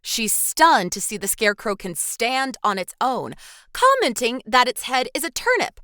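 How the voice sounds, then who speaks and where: A woman's voice: fairly high pitch, very animated, moderate pace, pushed and bright, no echo. A woman co-hosting a podcast, reading a film recap with dry little asides. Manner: scripted recap broken by dry quips. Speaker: podcast co-host.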